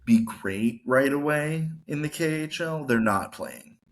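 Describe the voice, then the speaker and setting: A man's voice: a little high, animated, measured pace. Rambling man co-hosting a podcast. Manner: rambling, heavy use of "like". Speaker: podcast co-host. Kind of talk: casual hockey podcast chat.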